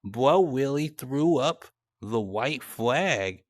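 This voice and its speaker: A sarcastic young man talks over chat messages in a casual, teasing way. His voice sits a little low and his delivery is slow and drawn out. The sound is dry, with no room echo. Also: lively intonation. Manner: mocking, sarcastic. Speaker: content creator.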